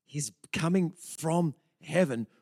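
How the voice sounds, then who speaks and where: A man's voice: fairly high pitch, slow, vocal fry, dark tone, no room sound, clean studio sound. A middle-aged male pastor giving a conversational sermon, often restarting phrases and asking rhetorical questions.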